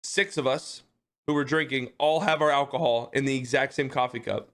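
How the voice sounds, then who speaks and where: This man, livestreaming, relays a long humorous story to his chat in a loose, profane style, laughing frequently and checking in with "okay?" after his sentences. He's animated, medium in pitch, and talks at normal speed.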